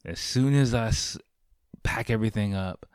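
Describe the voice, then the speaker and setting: Low-voiced guy rambling through a story, swearing a lot, dry close sound. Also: normal speed, darkish tone, clean tone, no echo. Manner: profane, rambling, lots of fillers. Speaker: vlogger. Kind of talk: casual storytelling monologue. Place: home in Japan.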